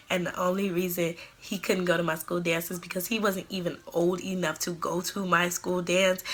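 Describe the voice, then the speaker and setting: A woman's voice: fairly low pitch, fairly bright tone. A woman of about twenty-one, telling a storytime vlog and acting out the quoted lines. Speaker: vlogger.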